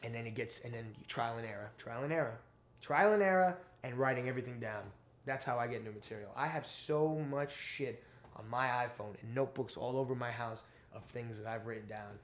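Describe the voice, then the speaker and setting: A male stand-up comedian, telling stories in a casual interview, animated and profane, acting out quotes. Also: medium pitch, fairly quick.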